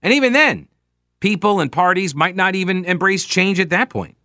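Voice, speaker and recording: A man's voice: high-pitched, normal speed, pushed and bright, no echo, clean studio sound. A man hosting a talk radio show, giving opinionated political commentary in a sarcastic tone, full of rhetorical questions.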